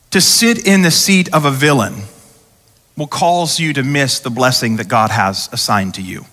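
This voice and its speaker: A man's voice: fairly high pitch, bright, forceful tone. A man preaching a sermon as pastor, talking conversationally and acting out the voices he quotes. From United States. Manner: conversational preaching, acts out quoted voices, repeats words when restarting. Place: large church auditorium. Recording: church hall reverb.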